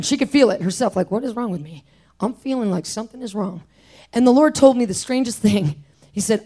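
A woman preaching in casual, slangy speech, telling a personal story and acting out the voices of the people in it. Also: fairly high pitch. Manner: animated, acts out quoted voices. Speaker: speaker. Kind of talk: storytelling sermon.

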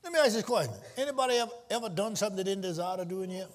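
A man preaching a sermon to a live congregation, calling out questions, teasing the listeners and rising into shouts. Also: high voice, animated, rapid-fire. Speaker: pastor. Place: church before a live congregation.

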